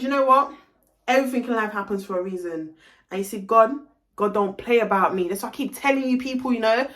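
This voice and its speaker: A young woman telling a storytime vlog, emphatic, swearing freely and slipping into Caribbean slang. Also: a little high. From London. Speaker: vlogger.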